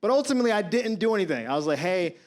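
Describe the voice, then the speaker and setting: A man in his thirties works a comedy club stage with a handheld mic. His voice sits high for a man and stays animated and slangy. He often laughs through his own punchlines. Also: rapid-fire. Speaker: stand-up comedian. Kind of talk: stand-up comedy storytelling.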